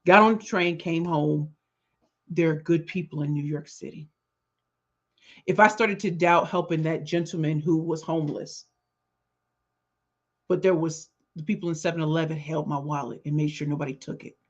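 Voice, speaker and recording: A middle-aged woman hosting her podcast, telling a story in an animated, conversational way with emphatic repetitions. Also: low-pitched, normal speed. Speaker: podcast host and business speaker. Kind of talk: storytelling monologue. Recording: dull lo-fi sound.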